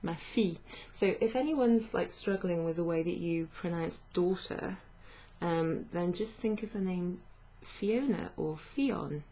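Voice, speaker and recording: A woman teaches French in a slow, patient way, pausing on fillers and correcting herself as she goes. Her voice is low and warm with a gravelly edge. Faint hiss runs under the recording. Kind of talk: online language lesson.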